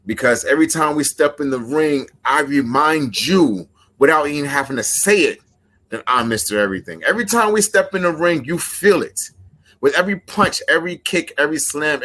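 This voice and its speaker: A man delivers a wrestling promo in a forceful, bright voice. He speaks in a measured, emphatic way and squares up to his opponent. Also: mid-range voice.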